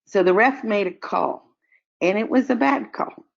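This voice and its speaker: An older woman answering audience questions in a calm, explanatory way, weaving in stories. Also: medium pitch, unhurried, gravelly. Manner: calm, explanatory, tells stories with acted quotes. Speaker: expert guest answering questions. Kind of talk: online question-and-answer session. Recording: dull lo-fi audio.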